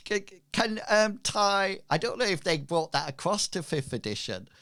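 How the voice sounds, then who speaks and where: Slow hesitant man running a game. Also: sits high, big pitch swings, a bit bright. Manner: slow, hesitant, many ums. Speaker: game master. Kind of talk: narrating a tabletop game.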